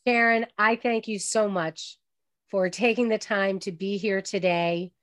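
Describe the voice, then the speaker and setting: A woman's voice: medium pitch, steady tone, unhurried, a bit bright. An older woman hosting an online radio talk show, telling heartfelt personal stories to her guest.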